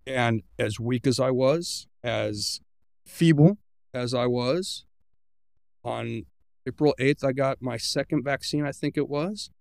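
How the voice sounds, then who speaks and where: Appearing as a podcast guest, a man tells his own story slowly and earnestly, vividly acting out what he was thinking at the time. His middle-pitched voice has a gravelly edge and a darkish tone, and the recording is dry and close.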